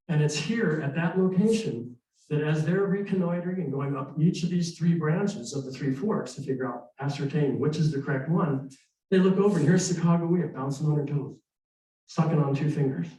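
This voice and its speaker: A middle-aged man telling history live to an audience, animated and conversational, acting out voices. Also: a little high, fairly quick. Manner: animated, conversational, acts out dialogue. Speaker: historical storyteller. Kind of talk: live storytelling presentation. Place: arts center hall. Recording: echoey hall, distant mic.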